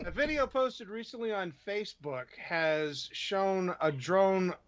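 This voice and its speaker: A man's voice: high voice, expressive, slow pace, lo-fi sound, background noise. Man reading news with many ums. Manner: reads news items with many ums and uhs. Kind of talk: casual livestream chat, reading tech news.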